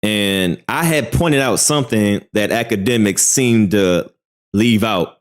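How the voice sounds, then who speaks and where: A man's voice: on the low side, measured pace. A man hosting a casual livestream news commentary who hedges his claims and keeps repeating "all right.". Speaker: commentary channel host.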